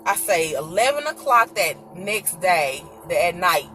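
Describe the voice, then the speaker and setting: A woman vlogger telling a personal story in casual chat, animated and laughing, acting out the people she quotes. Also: fairly low pitch, measured pace, soft background music.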